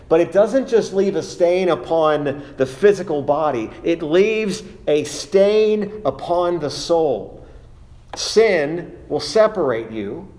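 Slow-preaching man delivering a sermon. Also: on the high side, a little mellow. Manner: slow, deliberate preaching with rising emphasis; many filler uhs between phrases.

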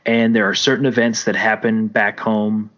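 A man's voice: fairly low pitch, flat delivery, moderate pace, fairly bright tone. A man co-hosting a casual podcast, telling long rambling stories and correcting himself as he goes. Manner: rambling, self-correcting storyteller. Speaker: podcast co-host. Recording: dull lo-fi sound.

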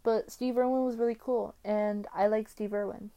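A woman from the United States hosting her own podcast in a casual solo chat, rambling and excitable as she jumps between topics with many fillers. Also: mid-range voice, normal speed, lo-fi sound. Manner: swings between loud exclamations and quiet mumbling. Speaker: podcast host.

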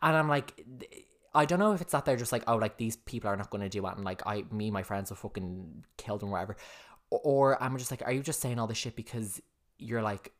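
Fast-talking teasing young man. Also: lowish voice, animated. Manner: teasing, quick interjections and laughs. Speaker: podcast co-host. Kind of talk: casual chat.

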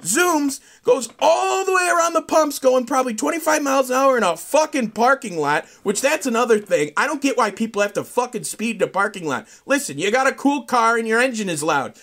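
A man hosting a solo podcast, telling a profane, rambling story that climbs into loud outbursts. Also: extremely high pitch, big pitch swings, brisk, few pauses. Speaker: podcast host.

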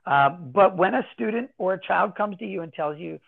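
A man talking casually as an interview guest, explaining in an animated way and acting out children's voices as he goes. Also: high-pitched, normal speed, gravelly. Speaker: guest, anti-bullying educator. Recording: tinny phone-like line.

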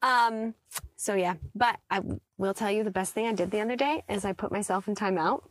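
Chatty young mom, dry close sound. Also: female voice, medium pitch, brisk, no room sound. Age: 20s. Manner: chatty, laughs often, animated quoting of her kids. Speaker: podcast co-host. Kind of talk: casual chat.

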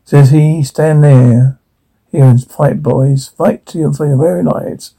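A man voicing a swaggering male frontier showman with quick, theatrical patter. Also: on the high side, steady tone, vocal fry, mellow, husky, heavily acted, low-quality recording. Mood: boastful.

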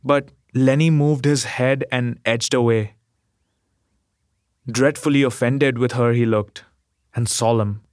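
Guy reading a story real slow, calm measured voice, dry close mic. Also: medium pitch, no room sound. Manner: measured, gentle and unhurried. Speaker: narrator.

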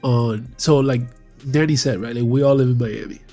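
A man on a casual podcast, slowly working through a question with many restarts. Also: mid-range voice, mellow, soft background music. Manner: halting, posing a question slowly. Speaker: podcast co-host.

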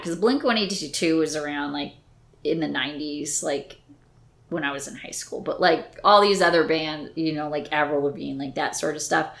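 A woman in her thirties co-hosting a podcast, chatting casually and reminiscing in a relaxed way. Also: on the low side. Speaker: podcast co-host. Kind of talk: casual chat.

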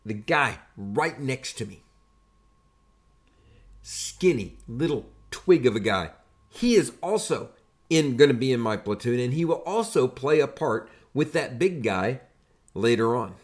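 Older guy telling army stories on his podcast, animated, builds to punchlines. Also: mid-range voice, measured pace. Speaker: podcast host and army veteran. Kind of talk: casual storytelling.

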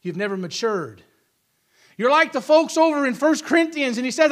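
A male preacher with a very high, bright voice. He preaches in an emphatic, conversational style and drives his points home by repeating short phrases. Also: animated, normal speed. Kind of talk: sermon.

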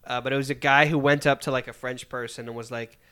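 A man's voice: mid-range voice, fairly even intonation, fast, pushed and bright, clear, resonant tone. A young man co-hosting a podcast, telling rambling stories in casual chat. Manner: rambling, storytelling. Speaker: podcast co-host.

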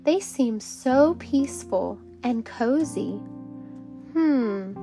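A woman reading a bedtime story aloud to children, gentle and calm. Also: a little high, measured pace, faint music behind. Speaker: storybook reader.

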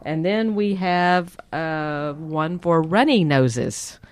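A woman's voice: low-pitched, expressive, slow pace, clear, resonant tone. Chatty woman explaining products. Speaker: podcast co-host. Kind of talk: casual health podcast chat.

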